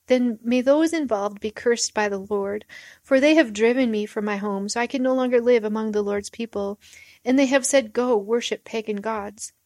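A woman's voice: on the high side, darkish tone, no echo, lightly acted. A woman reading aloud the lines of a young male warrior-king, giving them raised emphasis.

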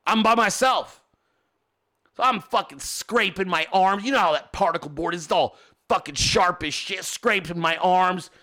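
High, bright-voiced man ranting. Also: moderate pace. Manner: animated, exasperated, heavy cursing. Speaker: podcast host. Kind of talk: profane storytelling rant.

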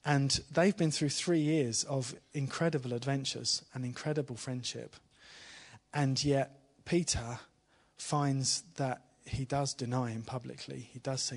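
A man giving an informal church talk to a live congregation, chatty and friendly, asking the room questions and dropping to a hushed voice when he retells the story. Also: mid-range voice, steady tone, a little slow, vocal fry, slightly rough. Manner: chatty, asks the congregation questions, with small laughs. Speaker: preacher.

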